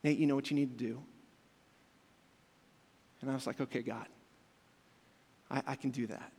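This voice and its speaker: A young man preaching a sermon, telling stories with lively acted-out shouts. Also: mid-range voice, normal speed, vocal fry, slightly rough. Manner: animated storytelling, acting out scenes with sudden loud shouts. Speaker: pastor. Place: church hall with a dog on stage. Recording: long hall reverb.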